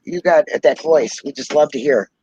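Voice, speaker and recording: A man with a Minnesotan accent in casual podcast chat, chatty, talking fast and laughing often. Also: fairly high pitch, mellow, dull audio, a little hiss or hum. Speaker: podcast co-host.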